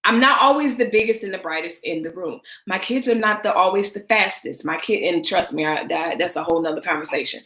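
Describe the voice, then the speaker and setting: A woman's voice: on the low side, fairly quick, hardly any pauses, a bit bright. A woman hosting her own vlog, giving her opinions in a casual, emphatic rant and talking straight to her viewers with repeated phrases. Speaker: vlog host. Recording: roomy echo.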